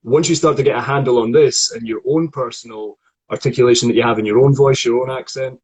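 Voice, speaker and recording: Scottish male voice coach, husky, conversational teaching tone, lots of restarts. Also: medium pitch, steady tone, quick pace, a little mellow, rough recording. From Scotland. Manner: chatty, explanatory, frequent restarts. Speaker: acting voice coach. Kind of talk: online acting lesson conversation.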